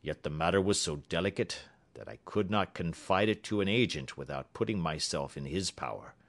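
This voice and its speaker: A man voicing a haughty Bohemian king with a deep, harsh voice and a German accent. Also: a little fast, a bit bright. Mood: confiding.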